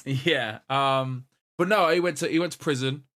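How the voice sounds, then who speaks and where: A man's voice: medium pitch, normal speed. A young man with an English accent chats on a podcast. He tells his stories with energy and puts on the voices of the people in them. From England. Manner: animated storyteller, acts out quoted lines. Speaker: podcast co-host. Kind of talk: casual chat.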